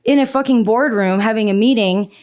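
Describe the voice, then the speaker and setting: A woman's voice: on the high side, fairly quick, a little mellow. Blunt, profane Canadian woman telling a story. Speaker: guest country singer. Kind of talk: casual podcast chat.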